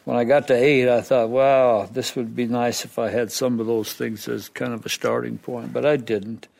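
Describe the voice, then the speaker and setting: A man's voice: mid-range voice, level tone, normal speed, creaky, darkish tone. A man sharing his story at a recovery meeting, plainspoken and self-deprecating about his past. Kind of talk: personal testimony.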